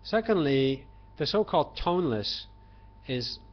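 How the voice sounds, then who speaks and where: A man's voice: on the high side, animated, measured pace, dull audio. A man giving an informal online language lesson, opinionated and emphatic, and he acts out tones with his voice. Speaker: language teacher.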